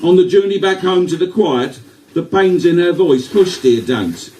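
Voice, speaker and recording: A man's voice: high voice, expressive, moderate pace, mellow, slight background noise, voice pushed up. A man reading a verse story in a put-on Birmingham accent, with a lilting, rhythmic delivery. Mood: narrating. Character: Midlands man reading a tender story poem. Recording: distant mic in a live venue.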